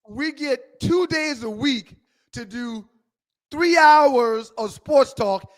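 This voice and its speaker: A man co-hosting a sports talk show, exasperated, stammering and breaking into shouted rants. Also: very high-pitched, animated, measured pace.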